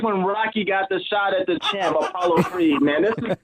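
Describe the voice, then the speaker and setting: A man's voice: high voice, moderate pace, over a noisy crowd, rough recording. Eager, stammering man caller. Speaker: radio caller. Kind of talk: casual phone chat.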